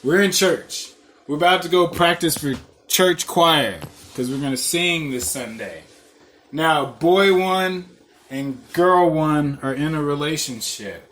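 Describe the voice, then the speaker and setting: A man's voice: on the high side, slow pace, a bit bright. A young man telling a rambling, profane story in casual chat, laughing through it as a podcast host.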